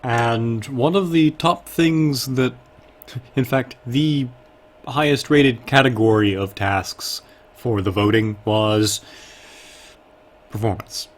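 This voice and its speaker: A man's voice: mid-range voice, slow, long pauses. A young man casually chatting on a live stream while developing a game mod, explaining plans with plenty of fillers. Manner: relaxed, explanatory, with frequent fillers.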